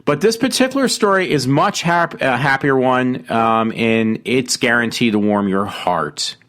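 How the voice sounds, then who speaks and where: A man's voice: medium pitch, lively intonation, measured pace, fairly bright tone. A man hosting his own casual show, rambling and correcting himself with lots of ums while fiddling with his mic. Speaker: host. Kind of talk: casual solo show chat. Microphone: home mic being adjusted.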